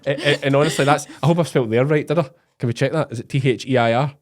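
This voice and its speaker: A man's voice: medium pitch, very fast. Chatty Scottish man from Ayrshire. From Scotland. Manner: chatty, laughs through his jokes, acts out bits. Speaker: podcast co-host. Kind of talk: casual chat.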